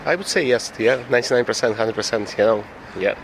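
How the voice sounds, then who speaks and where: A man's voice: mid-range voice, fast talker. A man who manages a shop, answering in a hesitant, agreeable way. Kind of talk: street interview. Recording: street traffic noise.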